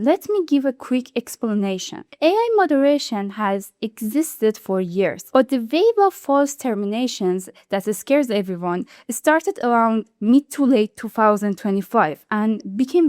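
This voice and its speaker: A non-native English-speaking woman hosting a YouTube commentary, explaining in an animated, indignant way. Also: on the high side, dry recording, clean studio sound. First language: not English. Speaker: YouTube channel host. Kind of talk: video commentary.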